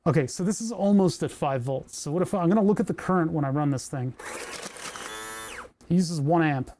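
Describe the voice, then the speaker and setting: A man's voice: a little high, a little fast, warm tone, slight background noise. A man who streams on Twitch, chatting casually to himself while tinkering at his workbench, grumbling and joking.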